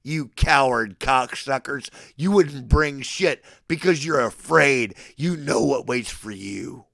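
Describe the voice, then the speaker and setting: A man's voice: medium pitch, animated, slow, creaky, fairly bright tone, no room sound, clean studio sound. A man in his forties ranting at a live chat like a mock sermon, swinging between profane, boastful threats and declarations of affection. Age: 40s. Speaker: livestreamer addressing his chat.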